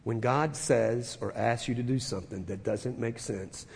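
A man preaching a sermon as a pastor, retelling scripture with emphatic repetition and dropping to soft, intense moments. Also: mid-range voice, moderate pace, creaky, slight background noise. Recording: long reverb of a large hall.

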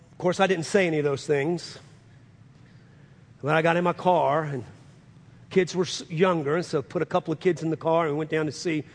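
A male pastor telling a story as part of a sermon, earnest and building to loud, fervent peaks. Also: a little high. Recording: long hall reverb.

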